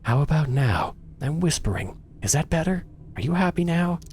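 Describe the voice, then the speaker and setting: A man's voice: mid-range voice, very animated, fairly quick, darkish tone, a little hiss or hum. A man voicing a bewildered young woman heroine in a game who gets testy when pushed. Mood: exasperated. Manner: exasperated, questioning.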